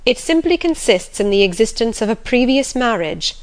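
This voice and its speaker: A woman voicing a calm male lawyer who speaks each word distinctly and steadily. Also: on the high side, moderate pace. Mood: firm.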